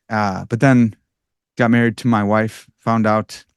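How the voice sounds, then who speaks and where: A man's voice: on the low side, normal speed, smooth, dry recording, clean studio sound. A young man, a philosopher and writer, telling his story as a podcast guest in a casual, self-deprecating way, with fillers and restarts.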